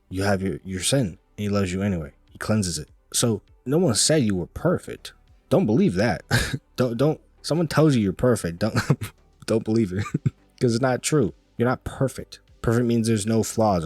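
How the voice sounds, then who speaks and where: A man's voice: on the low side, a little mellow, dry recording. A man giving a casual, rambling faith-based pep talk, repeating himself and restarting sentences. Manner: rambling, repetitive, restarts often, laughs lightly. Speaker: motivational vlogger.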